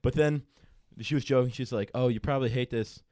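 A man's voice: mid-range voice, fairly even intonation, a little fast, a little mellow, no room sound, clean studio sound. A young man casually telling a rambling, profanity-laden story as a podcast co-host, with many restarts. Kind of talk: casual chat.

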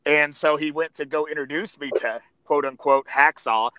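A man telling a relaxed anecdote in casual conversation, laughing along with his friend. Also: fairly high pitch, moderate pace, no room sound, low-quality recording. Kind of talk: casual storytelling chat.

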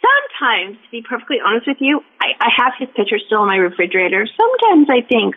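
A woman telling a story as a podcast guest in casual chat, halting, with lots of fillers and restarts. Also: on the high side, wildly swooping pitch. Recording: tinny phone-like line.

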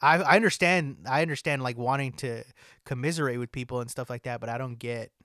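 A man's voice: medium pitch, fairly quick, sharp tone, no echo, studio quality. Swearing, ranting podcast guy. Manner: ranting, heavy swearing, lots of filler likes. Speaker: podcast co-host. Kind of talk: casual chat.

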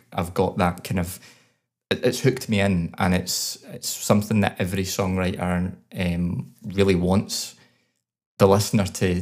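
A man's voice: deep voice, darkish tone. A man co-hosting a podcast, giving enthusiastic, detailed feedback on a song in a casual chat. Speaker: podcast co-host. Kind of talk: casual chat reviewing songs.

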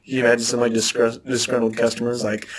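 A man's voice: mid-range voice, level tone, quick pace, a little hiss or hum. A man co-hosting a podcast in casual chat, laughing often and swearing. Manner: laughs often, swearing, reads listings aloud. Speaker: podcast co-host.

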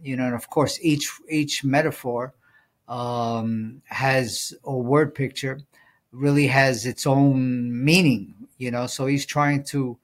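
Speaking slowly with fairly even intonation, this medium-pitched man co-hosts a podcast centered on Bible study. The conversation is casual; he mulls things over with many filler words and reads from scripture.

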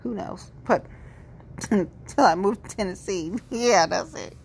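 A woman's voice: medium pitch, lively intonation, a little slow, gravelly, breathy edge. A woman in her forties giving a rambling, blunt and profane monologue to camera. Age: 40s. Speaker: vlogger. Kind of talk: candid monologue.

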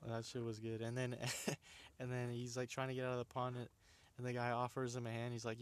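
A man's voice: mid-range voice, completely flat delivery, fairly quick. A young man casually retelling funny videos, rambling with restarts, laughing often and using plenty of slang. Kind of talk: casual storytelling chat.

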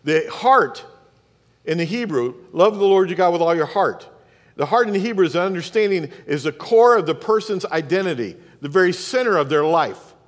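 High-voiced pastor in a reverberant hall. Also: male voice, animated, moderate pace. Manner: conversational preaching with rhetorical questions. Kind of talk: sermon.

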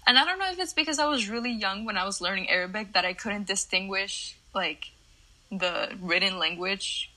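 A woman's voice: mid-range voice, moderate pace, bright, forceful tone, low-quality recording. A young woman whose first language is Spanish, co-hosting a casual podcast and explaining things earnestly. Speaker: podcast co-host. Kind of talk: casual chat.

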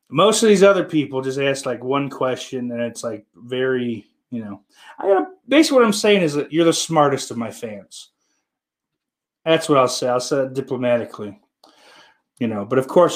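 A young man hosting a live stream, reading viewer comments aloud and riffing on them in a profane, rambling, teasing way. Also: mid-range voice. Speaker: livestream host reading chat. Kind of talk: casual live-stream chat.

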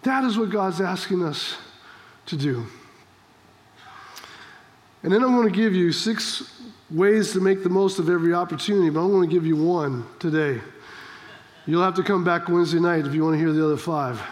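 A man's voice: high-pitched, normal speed, long pauses, big-room sound. A man preaching a sermon as pastor, fervent and exhorting, telling stories to make his points. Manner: fervent, exhorting, with storytelling asides.

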